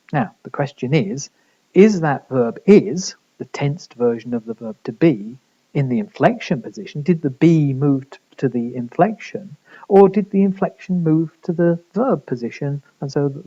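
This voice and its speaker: A male lecturer talks through his material in a measured, explanatory way, often posing questions and answering them himself. His voice is dark and mellow. The recording is dull and lo-fi. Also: medium pitch, husky. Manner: measured explanatory delivery with rhetorical questions and fillers.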